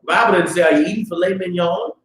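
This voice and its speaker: A man's voice: sits high, quick pace. Fiery preaching man, echoey room. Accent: Southern US. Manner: fiery, shouting at peaks, profane asides. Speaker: class teacher. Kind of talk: preaching class, casual street talk. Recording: roomy echo, distant mic.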